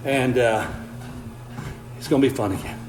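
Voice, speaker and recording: A man's voice: medium pitch, moderate pace, a little mellow, soft background music, rough recording. An older man, chatting casually on a livestream, reading viewer comments while walking on a treadmill, folksy and easygoing, slightly out of breath. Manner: folksy, easygoing, chuckles often.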